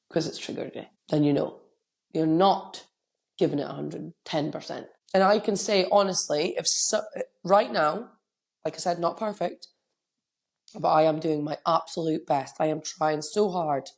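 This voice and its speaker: A woman's voice: on the low side, vocal fry, darkish tone. A middle-aged woman with a cold, hosting a solo podcast as a coach and speaking candidly and emotionally into a microphone. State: has a cold, coughing.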